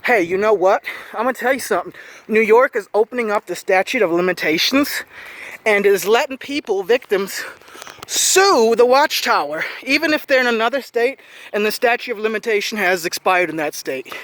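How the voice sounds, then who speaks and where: A man's voice: high voice, expressive, moderate pace, fairly bright tone. A man out of breath, filming himself outdoors on the street and taunting the people he confronts. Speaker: street vlogger. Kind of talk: filming himself, live commentary.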